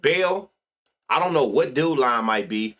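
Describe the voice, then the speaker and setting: A man from the United States hosts a sports-betting stream live, his medium-pitched voice expressive, fairly bright, and a little slow. The conversation is casual and full of slang and swearing, and he laughs a lot while muttering statistics under his breath.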